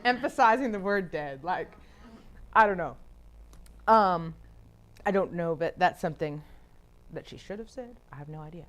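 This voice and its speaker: A chatty woman teaching a casual Bible study, with a voice a little lower than most women's. She talks in loose, friendly runs, laughs often and fills her talk with "like". She slips into quick voices for the people in her stories. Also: animated. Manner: acts out quoted people in talk.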